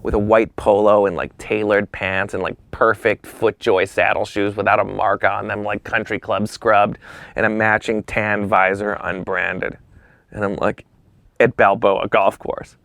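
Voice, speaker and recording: A man's voice: fairly low pitch, level tone, unhurried, vocal fry, fairly bright tone, no room sound. A man telling a long story as a podcast guest, acting out the other people's lines and dropping into whispers. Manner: acts out quoted voices, drops to whispers. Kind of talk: animated storytelling.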